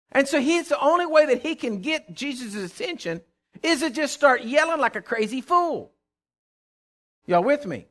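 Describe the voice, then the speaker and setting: A pastor in full sermon mode preaches with a high voice that leaps all over its range, bright and ringing in tone. He is emphatic and calls out to the congregation in call-and-response fashion. He swings from near-shouts down to hushed asides.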